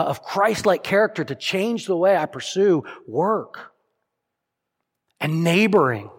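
A pastor delivers an emphatic, earnest sermon, acting out imagined prayers and then dropping into soft, solemn lines. His voice sits high. A long hall reverb surrounds the recording.

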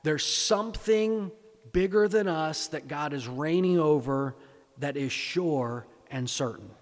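A man's voice: fairly high pitch, slow pace. A male pastor preaching a conversational sermon, full of rhetorical questions and repeated words. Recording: echoey hall.

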